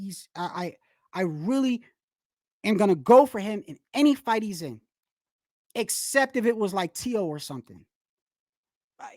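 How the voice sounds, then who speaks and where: A woman hosting a boxing livestream talks in a fired-up, slangy, profane rant, stumbling over restarts as she goes. Her voice sits a little high. She sounds dry and close on a streaming mic. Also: dry recording. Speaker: boxing channel host. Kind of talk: casual livestream commentary.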